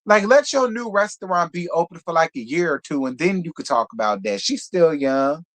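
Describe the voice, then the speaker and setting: A man with a fairly high-pitched voice gives casual reality TV review commentary. He is blunt, profane and outspoken, and he talks like an animated gossip who never holds back his opinions. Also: moderate pace. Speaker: reality TV recap host.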